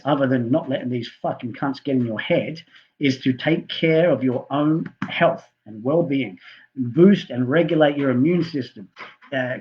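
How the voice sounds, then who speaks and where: Middle-aged male health coach, heated profane rambler, slightly raised pitch, muffled low-fi audio. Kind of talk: ranting monologue to camera.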